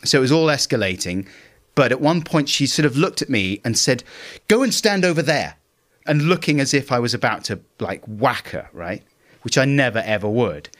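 Animated, self-mocking man telling stories. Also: mid-range voice, brisk. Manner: self-mocking, laughs through his stories. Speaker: comedian and broadcaster. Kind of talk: candid interview anecdotes.

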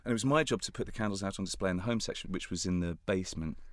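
Guy with a really low voice telling a funny story on himself, super dry close mic. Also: rapid-fire, no echo. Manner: animated, self-mocking, laughs through the telling. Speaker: interview guest. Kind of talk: anecdotal storytelling.

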